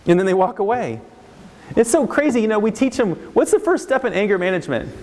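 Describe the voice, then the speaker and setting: A middle-aged man, a counselor giving a parenting talk to a live audience, lively and acting out parents and kids. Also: high-pitched, fast talker. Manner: animated, acts out parents and kids in raised voices. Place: large hall with live audience. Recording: long reverb of a large hall.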